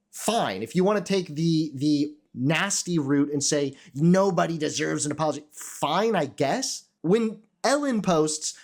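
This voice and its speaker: Young male commentator, high light voice, casual and profane, mocking himself. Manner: sarcastic, profane, self-critical. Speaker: commentator reacting to his old video.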